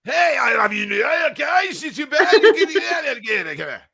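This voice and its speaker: A rowdy Scottish bruiser bellows and barks. The voice jumps far above his normal range into a strained, shouty mock accent. He sounds brash and ready for a scrap. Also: extremely high pitch, big pitch swings, brisk, vocal fry, pitched above the performer's own voice, heavily acted. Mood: brash shouting. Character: rowdy shouting Scottish tough guy, adult man.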